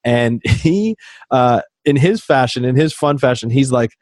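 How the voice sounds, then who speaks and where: A man, a podcast guest, telling animated anecdotes in a casual interview. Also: medium pitch, a little slow, no room sound, clean studio sound. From Canada. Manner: animated anecdotes, acts out quoted dialogue.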